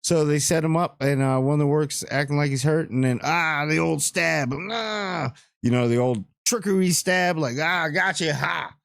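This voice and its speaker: A man's voice: a little high, normal speed, gravelly, hardly any pauses, no room sound, clean studio sound. A man hosting a casual spoiler review, rambling and slangy with playful asides. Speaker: TV review channel host.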